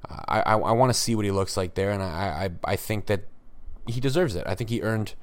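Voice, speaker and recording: A low-voiced man hosts his own sports podcast, ranting emphatically and tripping over restarts as he goes. The sound is dry and close, with no room around him. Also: brisk, clean tone, no room sound. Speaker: podcast host. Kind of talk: solo sports podcast commentary.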